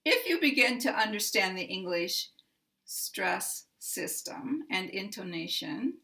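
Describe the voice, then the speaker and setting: Slow, careful American woman teacher. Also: medium pitch, animated, bright, forceful tone. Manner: deliberate, measured delivery with clear demonstrations. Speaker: pronunciation teacher.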